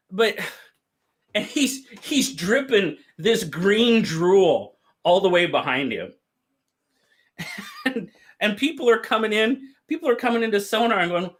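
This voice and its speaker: A man hosting a livestream, telling stories in a casual, drawn-out way and reading out chat. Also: high voice, very animated, fairly bright tone. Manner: drawn-out, easygoing storytelling with quoted voices. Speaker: livestream host. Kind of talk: casual storytelling to live chat.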